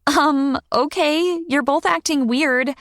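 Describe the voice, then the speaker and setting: A woman narrating an audiobook, voicing an eager, earnest young girl in a bright, quick manner. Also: sits high, no room sound, studio quality, voice pushed up, full character voice. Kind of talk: audiobook character voice.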